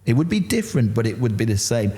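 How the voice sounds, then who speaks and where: A middle-aged man with a Yorkshire accent, telling his story candidly in an interview and acting out what others said. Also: fast talker. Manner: animated, acts out quotes with rising pitch. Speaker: interview guest.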